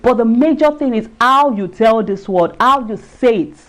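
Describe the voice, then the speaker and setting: A woman's voice: on the high side, animated, moderate pace. A woman giving a talk on marriage in a live video stream, earnest, repeating herself and searching for words. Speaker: marriage enrichment speaker. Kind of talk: livestream talk.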